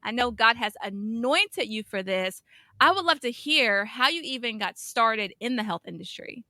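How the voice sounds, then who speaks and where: Bright, dry-voiced woman host. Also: on the high side, animated, normal speed, no echo. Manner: warm, affirming, speaks of God's calling. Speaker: podcast host, interviewer. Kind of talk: faith-based interview.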